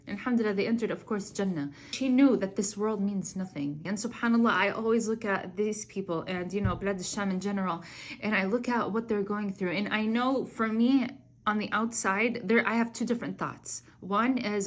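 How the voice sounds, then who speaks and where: A woman's voice: medium pitch, a little fast. A young woman, a mother, telling a religious story and reflecting on it in an earnest, conversational way with many fillers. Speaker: Islamic speaker.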